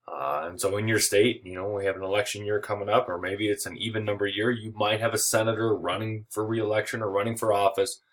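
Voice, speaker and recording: A man's voice: on the low side, steady tone, fast talker, hardly any pauses, fairly bright tone. A man giving a recorded history lecture in a casual way, with joking asides and frequent filler words. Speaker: history teacher.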